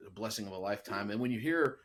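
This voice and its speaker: A man's voice: fairly low pitch, expressive, rapid-fire, a bit bright. A man from the Upper Ohio Valley hosts a podcast and talks with earnest enthusiasm. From Upper Ohio Valley, USA. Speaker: podcast host. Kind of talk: casual interview chat.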